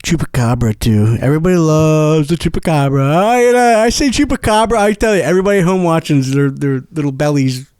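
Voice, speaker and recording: A male comedy show host ranting in a rambling, excitable way, swearing constantly and tripping over his words. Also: on the high side, a little fast, hardly any pauses, clean tone, no echo, clean studio sound.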